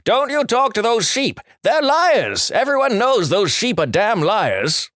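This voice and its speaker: A red-faced farmer yelling in a strained, high voice, as a man reads the joke out. His voice swings wildly up and down. The recording is dry and close-miked. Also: wildly swooping pitch, measured pace, no echo, full character voice. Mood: indignant. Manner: shouting, flustered. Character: stunned farmer, shouting and indignant.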